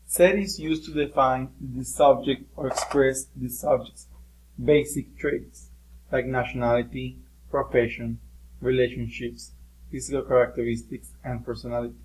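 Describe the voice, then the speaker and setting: A man's voice: medium pitch, steady tone, moderate pace, a little mellow, poor audio. A man teaching a lesson, explaining patiently with occasional fillers. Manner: explains patiently with fillers, switching between English and Spanish. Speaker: Spanish teacher. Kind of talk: recorded classroom lesson.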